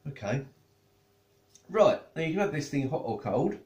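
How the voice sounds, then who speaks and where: Man, food reviewer, casual chat, talks while eating, bouncy pitch. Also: big pitch swings, normal speed, a little mellow. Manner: chatty, tastes and eats while talking. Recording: echoey room.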